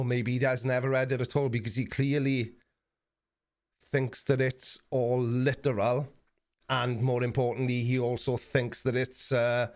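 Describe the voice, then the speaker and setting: A man from South Wales hosts a YouTube live stream, casually chatting as he reads viewer messages. He speaks at a middling pitch, halting and repeating words, in a blunt, mocking tone with a loose, unscripted flow.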